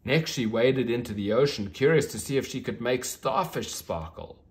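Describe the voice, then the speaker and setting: A man reading a children's storybook aloud, gentle and expressive. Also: medium pitch, moderate pace.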